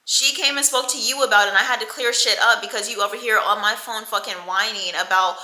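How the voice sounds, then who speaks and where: A young woman in her twenties tells a story straight to camera with a very bright, sharp voice. She is animated and chatty and swears freely. The sound has a roomy echo. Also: a little high, fast. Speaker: storytime vlogger. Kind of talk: casual storytime.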